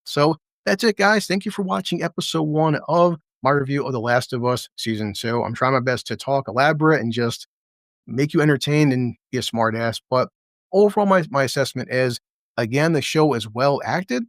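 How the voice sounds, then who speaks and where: A man's voice: mid-range voice, expressive, dry recording, clean studio sound. Sarcastic, profane man reviewing a show. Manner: impersonates characters in quick asides. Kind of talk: casual spoken review.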